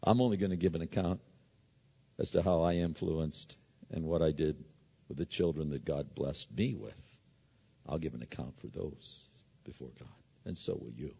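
A man's voice: rumbling low, moderate pace, creaky, pauses often, dark tone, slightly rough. A middle-aged man preaching a sermon in a conversational style, with stories and frequent restarts. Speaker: pastor. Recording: dull recording with long hall reverb.

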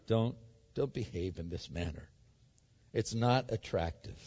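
A male pastor preaching a sermon, emphatic and animated, acting out the story as he reads it. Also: on the low side, measured pace, breathy edge. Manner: animated, emphatic, acts out the scripture. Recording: echoey hall, dull sound.

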